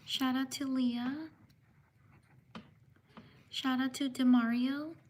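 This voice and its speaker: High, slow-talking woman streamer. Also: steady tone, slight background noise. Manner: slow, repetitive shout-outs, careful over names. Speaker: live stream host. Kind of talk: live stream chat, reading out viewer names.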